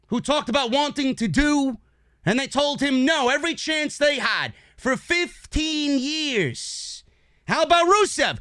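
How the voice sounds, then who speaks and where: High-voiced man ranting hard. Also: no echo, studio quality. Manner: angry, profane, shouting rant; calmer when reading viewer messages. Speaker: wrestling show reviewer. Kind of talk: heated rant and live chat review.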